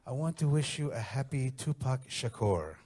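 A man voicing his older mother-in-law, a cranky woman who speaks high and shrill and mangles words. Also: expressive, normal speed, noisy background, natural voice. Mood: indignant.

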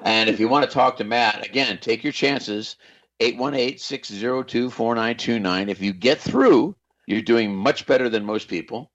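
A man's voice: mid-range voice, moderate pace, fairly bright tone, muffled recording. A man hosting a talk radio show, chatting in a folksy way with a guest and giving out the call-in number. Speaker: radio host.

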